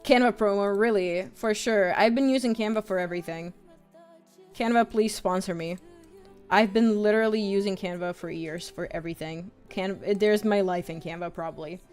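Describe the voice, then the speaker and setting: A woman in her twenties streaming live, chatting casually, excitable and a bit nervous as she greets her viewers. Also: mid-range voice, moderate pace, clear, resonant tone, soft background music. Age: 20s. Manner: excitable, gushing greetings to chat; nervous, self-conscious chatter.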